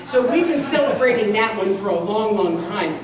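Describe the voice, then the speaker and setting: A woman's voice: mid-range voice, moderate pace. A woman giving a humorous sermon to a congregation in a large hall, telling jokes and stories. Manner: lively, joking storyteller. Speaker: minister. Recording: echoey hall, distant mic.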